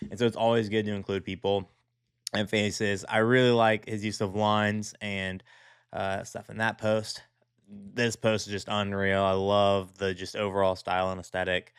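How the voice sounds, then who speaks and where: A man's voice: lowish voice, little pitch movement, normal speed, clean tone, no room sound, studio quality. Casual man rambling about design. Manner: rambling, many fillers and restarts. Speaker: design show host. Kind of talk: casual commentary on design work.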